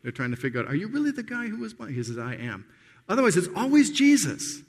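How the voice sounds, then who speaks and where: A man's voice: high voice, huge pitch swings, fast talker, husky. A man preaching a sermon in a conversational, earnest way, often restarting his sentences as he explains a passage. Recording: long hall reverb.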